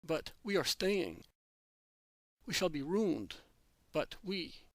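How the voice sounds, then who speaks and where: Man reading Judas, resentful apostle, insistent protests, slightly high voice, dry close sound. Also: big pitch swings, takes it slowly, fairly bright tone, dry recording, heavily acted. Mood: protesting. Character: Judas, anxious resentful adult male apostle.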